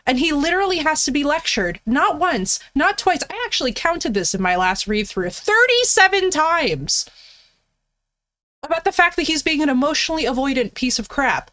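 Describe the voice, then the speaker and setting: A woman game streamer ranting casually to her chat in an animated, profane, emphatic way. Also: sits high, normal speed. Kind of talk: casual livestream rant to chat.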